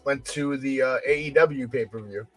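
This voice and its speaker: A man co-hosting a casual podcast chat, telling profane stories that often rise to excited shouting. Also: medium pitch, normal speed, faint music behind. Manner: loud, profane storyteller, gets excited and shouty. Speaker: podcast co-host.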